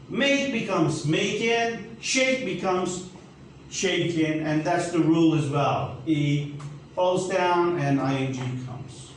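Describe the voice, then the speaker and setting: A man with a Turkish accent teaching an English grammar lesson, speaking slowly and emphatically and spelling letters out. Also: sits high, very echoey, distant mic, a little hiss or hum, rough recording.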